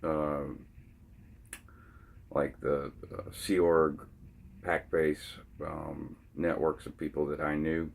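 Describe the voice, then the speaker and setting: Man with an unusually low voice, slow and halting, for a casual opinion vlog. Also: level tone, creaky. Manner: halting, frequently restarting his sentences. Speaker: vlogger.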